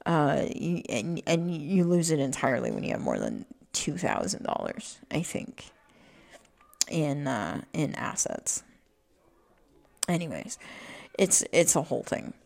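A woman talking through her thoughts in a rambling, reflective monologue, halting often with fillers and restarts. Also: sits low, wildly swooping pitch, gravelly, a little mellow.

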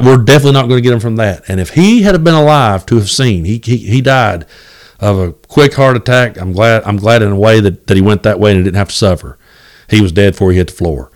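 A man with a lowish, somewhat dark voice hosts a solo podcast. He talks bluntly and profanely with a lot of fire, often repeating words as he starts his sentences over.

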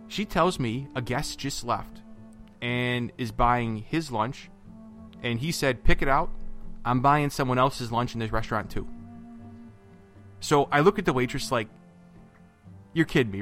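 A man's voice: mid-range voice, a bit bright. A man spins a long, casual trip story for his co-host, full of fillers and restarts. He slips into the voices of the people he quotes. Faint music plays underneath. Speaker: podcast co-host.

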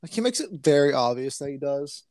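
A man's voice: a little high, very animated, a little fast, darkish tone, dry recording. A young man chatting casually on a podcast, telling a rambling story, laughing often and swearing. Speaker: podcast co-host. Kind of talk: casual chat.

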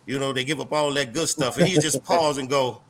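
A man guesting on a talk show, telling stories loudly and animatedly; his voice is raspy from past vocal strain. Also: mid-range voice, brisk. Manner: loud animated storyteller, acts out voices. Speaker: guest comedian. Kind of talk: casual chat.

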